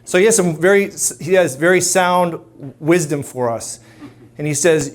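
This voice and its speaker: A man's voice: fairly high pitch, moderate pace. A middle-aged man giving a casual, self-deprecating talk to a live audience, stopping often to ask them questions. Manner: conversational, self-deprecating, many restarts and fillers. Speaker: speaker at a men's ministry talk.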